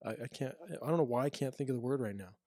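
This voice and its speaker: A man's voice: medium pitch, rapid-fire, mellow, dry recording, studio quality. A man who works as a prison officer, telling stories in a casual podcast chat with lots of restarts and fillers. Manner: rambling storyteller, many restarts and fillers.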